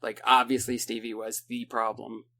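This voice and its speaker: A man's voice: mid-range voice, level tone, pushed and bright. Rambling sarcastic man recapping a book. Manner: rambling, sarcastic, acts out characters in quick asides. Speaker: podcast co-host. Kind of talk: casual podcast book recap.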